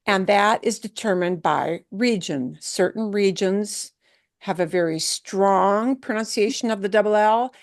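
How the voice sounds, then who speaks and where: Woman teaching beginners, patient, keeps asking okay?, dry close sound. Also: medium pitch. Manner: patient, repeats words slowly for students to echo; checks in often with "okay?". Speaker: Spanish teacher. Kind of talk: beginner language class.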